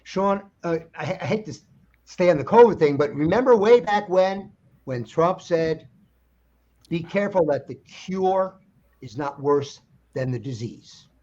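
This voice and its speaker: A male guest on a political talk show, stating views emphatically between halting "uh"s. His voice sits a little high. The sound is dull and lo-fi, as over a remote call. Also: expressive, a little mellow. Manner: emphatic, opinionated, halting fillers. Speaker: guest songwriter. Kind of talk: casual political chat. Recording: dull lo-fi line.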